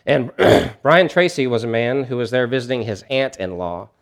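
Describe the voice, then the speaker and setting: A man's voice: mid-range voice, big pitch swings, measured pace. A man preaching a sermon as a pastor, telling a story in a conversational way with frequent restarts.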